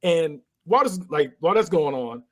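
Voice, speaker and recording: This podcast co-host, a man with a fairly high voice, speaks animatedly at normal speed. In a casual movie recap he narrates the film scene by scene, throwing in sound effects and laughing.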